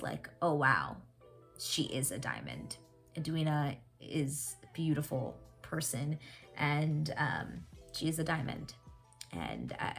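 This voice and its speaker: A young woman hosting a casual TV reaction vlog, rambling and animated with lots of fillers and casual swearing. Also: sits low, gravelly. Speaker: reaction channel host.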